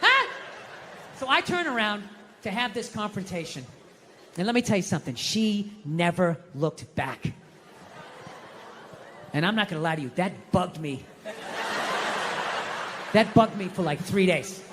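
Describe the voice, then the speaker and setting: A man does a stand-up set in a big room, his voice high and bright as he rants and swears his way through the bit. The long echo of the hall hangs behind him, with a faint hiss underneath. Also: expressive, measured pace, pauses often. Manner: ranting, swearing, acts out quotes. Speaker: stand-up comedian. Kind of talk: stand-up routine. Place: comedy club stage. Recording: echoey hall with faint noise.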